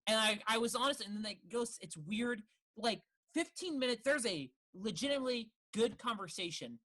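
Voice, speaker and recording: Speaking at normal speed with lively intonation, a young man with a high, bright and forward voice co-hosts an easygoing film podcast. Rambling and swearing without restraint, he jumps into exaggerated character voices to perform the scenes he recounts.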